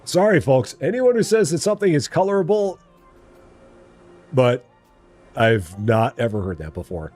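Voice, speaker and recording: Male streamer, casual and playful, animated pitch, mid-range voice. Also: normal speed, long pauses, faint music behind. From Illinois. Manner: playful, chatty, answers chat. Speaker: live-stream gamer host. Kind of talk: casual live-stream chat.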